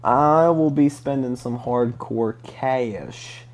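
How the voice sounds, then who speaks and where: A man's voice: mid-range voice, slow pace. Easygoing man chatting on a podcast. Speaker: podcast co-host. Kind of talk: casual chat.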